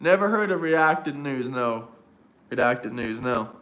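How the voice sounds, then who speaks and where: A man hosts a casual livestream, mocking and taunting his chat as he banters with viewers. His voice is mid-range and expressive, with a fairly bright tone and a slightly slow delivery.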